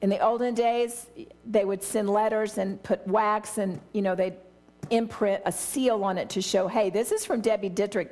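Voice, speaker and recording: A woman's voice: mid-range voice, darkish tone. A middle-aged woman teaching a Bible study with eager enthusiasm, acting out small scenes as she explains. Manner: enthusiastic, exclamatory; acts out little scenes with voices.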